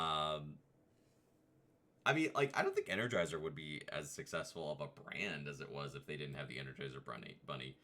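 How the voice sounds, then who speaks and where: A man's voice: rumbling low, expressive, brisk, sharp tone. A man hosting a casual tier-list video, rambling and chatty with playful asides. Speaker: vtuber host.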